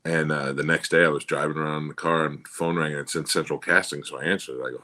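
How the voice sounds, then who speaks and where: A man's voice: a bass voice, fairly even intonation, quick pace, few pauses, bright, forceful tone. A man co-hosting a comedy podcast, crude and blunt, telling stories and acting out both sides of phone calls. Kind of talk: casual comedic chat.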